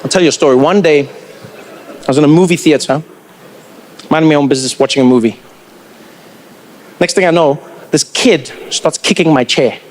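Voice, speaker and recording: South african comedian telling stories on stage, highish voice, acts out bits. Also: male voice, normal speed, long pauses, a little hiss or hum. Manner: animated storytelling, acts out characters. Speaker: stand-up comedian. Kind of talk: stand-up comedy.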